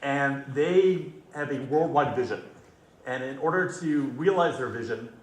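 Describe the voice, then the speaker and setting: A man's voice: medium pitch, a little slow. Man giving a conversational conference talk. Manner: conversational, anecdotal, polls the audience. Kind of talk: conference presentation. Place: conference hall. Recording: echoey hall with faint ambience.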